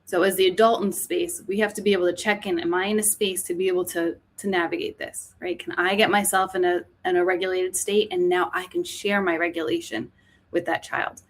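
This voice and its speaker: A woman's voice: fairly low pitch, level tone, brisk. A woman, an author and teacher, explaining mindfulness in a podcast interview, often checking in with "right?". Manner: explanatory, frequent "right?" tags.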